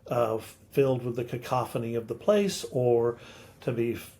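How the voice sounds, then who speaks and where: A man's voice: mid-range voice, expressive, normal speed, warm tone. An older man with a mid-range voice holds forth as a literature scholar on a chatty podcast. He explains poetic terms with patient teacherly care. He often asks rhetorical questions and taps out the beat of a line as he reads it. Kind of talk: casual explanatory chat.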